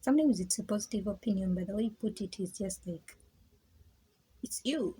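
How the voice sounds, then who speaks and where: Vlogger, woman, very husky mellow voice, thoughtful rambling talk with laughs and hushed asides. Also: medium pitch, quick pace, rough recording. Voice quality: very breathy, husky. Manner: rambling, laughs often, stammers and repeats words; drops into whispers. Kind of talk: casual reflective monologue.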